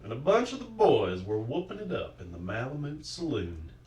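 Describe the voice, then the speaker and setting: A man's voice: mid-range voice, sing-song, darkish tone, a little hiss or hum, close to an everyday voice. A man putting on a Southern cowboy drawl to read a frontier ballad aloud as a dramatic poetry reading. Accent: put-on American Southern drawl. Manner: slow drawling storytelling. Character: gruff old frontier cowboy storyteller, male. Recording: roomy, distant mic.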